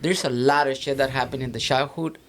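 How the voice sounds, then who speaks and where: A man's voice: medium pitch, steady tone, a little fast. Rambling man with a Mexican accent. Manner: rambling, lots of fillers and restarts. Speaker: podcast co-host. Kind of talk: casual chat.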